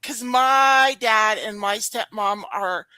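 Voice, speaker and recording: A woman's voice: a little high, slow pace, sharp tone, no room sound. A woman co-hosting a podcast in casual chat, outspoken and restarting her sentences often. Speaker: podcast co-host.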